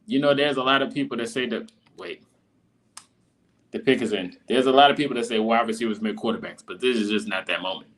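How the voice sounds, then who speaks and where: A man giving live reaction commentary, exasperated and repeating himself, his voice jumping high in disbelief. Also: brisk, fairly bright tone. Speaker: live draft reaction streamer.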